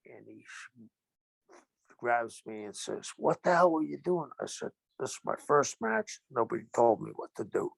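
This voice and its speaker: An older man with a gravelly, fry-edged voice tells his stories with animation, acting out what people said in each exchange. His voice sits at a middling pitch and sounds dry and close, with no room around it. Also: normal speed, no room sound. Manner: animated anecdotes with acted-out quotes. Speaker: guest, retired pro wrestler. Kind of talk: storytelling interview.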